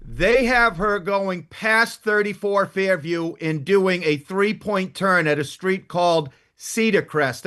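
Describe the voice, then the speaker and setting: A man's voice: high voice, bright, forceful tone. A man with a Boston accent, a criminal defense attorney, arguing his side firmly and methodically. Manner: firm, assertive, methodical. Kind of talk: arguing a legal case.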